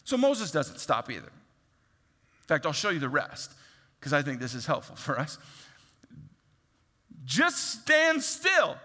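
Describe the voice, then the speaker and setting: A man preaching a sermon, acting out voices and swinging from loud to hushed. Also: fairly high pitch, very animated, moderate pace, long pauses, long reverb tail. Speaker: pastor.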